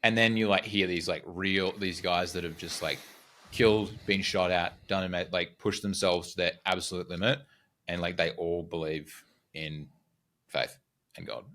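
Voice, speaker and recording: A man's voice: deep voice, steady tone, moderate pace, a bit bright. A man hosting a podcast, talking casually and loosely, full of "like" and the odd curse word. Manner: loose and searching, heavy use of "like", casual swearing. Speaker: podcast host. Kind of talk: casual conversation.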